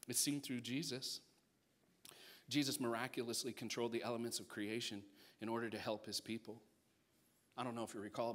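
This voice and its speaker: A male pastor preaching a sermon, acting out voices in his stories, swinging between loud bursts and hushed asides, with jokey remarks. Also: fairly low pitch. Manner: animated storytelling, acts out voices, jokey asides.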